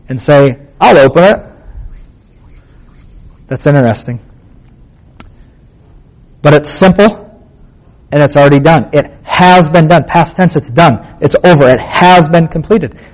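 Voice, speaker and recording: A Bible teacher with a somewhat high, darkish voice gives a casual sermon on scripture, talking plainly as if chatting with friends. He keeps asking rhetorical questions and repeating his key points for emphasis, and the recording is low quality.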